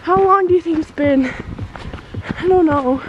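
Very high, bubbly young woman on a hike. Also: measured pace, dull audio, noisy background. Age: young adult. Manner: giggly and upbeat. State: out of breath. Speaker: vlogger. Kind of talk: casual vlog chat. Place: outdoors on a hiking trail.

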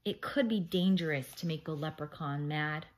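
A giggly young schoolgirl with a bright, higher voice, voiced by a woman reading a storybook aloud. She teases her friends but frets easily. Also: moderate pace, natural voice. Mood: teasing, worried. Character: teasing, worried young schoolgirl.

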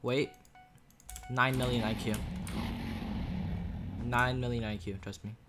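Over loud music, a male gaming YouTuber offers loose, joking commentary on his own play and mocks his opponents. His pitch is medium, his intonation fairly even, and his pace slow. He records on a USB desk mic, with faint clicks of keyboard and mouse behind him.

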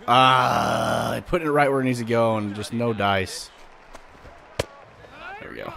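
Dude doing let's play commentary, loud and vulgar, gets excited and rambles. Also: male voice, medium pitch, unhurried, vocal fry. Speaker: gaming channel host.

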